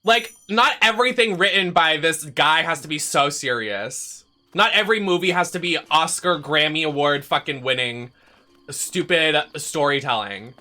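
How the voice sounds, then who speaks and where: A young man chats casually while streaming a game, his voice piercingly bright and a little high. He rants dramatically and swears freely, jumping from loud outbursts to low grumbling. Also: expressive, normal speed. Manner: dramatic, swears a lot, swings from shouting to muttering. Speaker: streamer playing a video game. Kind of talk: casual rant while gaming.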